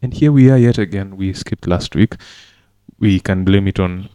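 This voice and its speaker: A man with a fairly low voice chats loosely with his co-hosts, playful and rambling, stacking repeated words as he builds momentum. The sound is dry and close, with no room around him. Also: normal speed, warm tone, no room sound. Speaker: podcast co-host. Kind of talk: casual chat.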